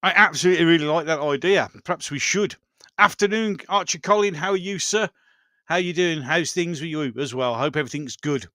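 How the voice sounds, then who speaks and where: Male streamer, chatty and excitable, slightly high bright voice, dry close sound. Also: brisk, no room sound. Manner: enthusiastic, repeats "absolutely", laughs often. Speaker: livestream host. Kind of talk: casual live chat reading viewer comments.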